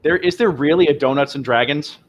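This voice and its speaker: A man's voice: fairly high pitch, fairly quick. A man running a tabletop game as game master, rambling and restarting his sentences often.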